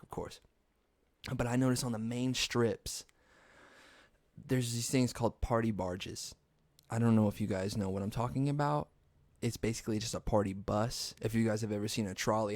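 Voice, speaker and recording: A man's voice: fairly low pitch, a little mellow, no room sound. A young man hosting a podcast, rambling through casual, profane stories and laughing at his own jokes. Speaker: podcast host. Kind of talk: casual storytelling monologue.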